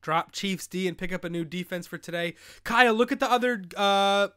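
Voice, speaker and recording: A man's voice: high-pitched, a little fast, sharp tone, smooth. A young man hosting a live fantasy football advice stream, bantering loosely and joking as he answers chat questions. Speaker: host.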